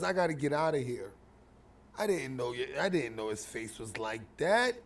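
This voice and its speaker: A man's voice: medium pitch, normal speed. Guy doing reaction commentary, jokey and mocking, voice bouncing all over. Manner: animated, mocking, shifts between loud bursts and mumbles. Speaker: host reacting to a clip. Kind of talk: casual commentary.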